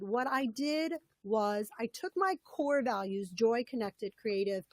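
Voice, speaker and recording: A woman's voice: on the high side, animated, slow pace, no echo. A woman leading a live webinar as a coach, upbeat and conversational, her voice a little scratchy and froggy. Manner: upbeat, conversational, repeats key points.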